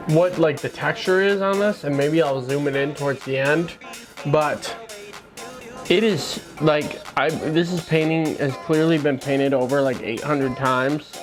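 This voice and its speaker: A man's voice: on the high side, steady tone, a little slow, over music. A man in his studio, talking casually and rambling with jokey asides while he paints. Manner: rambling, loose, lots of "like" and restarts, jokey asides. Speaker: painter and video host. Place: art studio.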